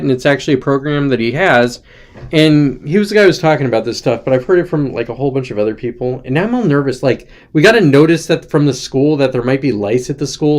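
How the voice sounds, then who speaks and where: A man hosting a casual livestream from his desk, talking in a digressive, chatty way with lots of ums and restarts. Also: a little high. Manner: digressive, chatty, frequent ums and self-corrections. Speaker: livestream host. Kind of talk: casual rambling livestream talk.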